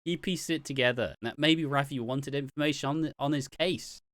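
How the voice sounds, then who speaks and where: A man chats through a soap opera recap, laughing easily and often restarting his sentences. His voice sits at an ordinary middle pitch. The sound is dry and close. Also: normal speed, a bit bright, dry recording. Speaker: podcast co-host.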